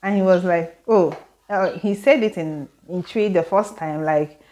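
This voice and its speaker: A young Nigerian woman with a Nigerian accent telling a personal story to camera, animated and full of rhetorical questions, indoors at home. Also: lowish voice, moderate pace. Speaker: vlogger. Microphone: camera mic with ring light.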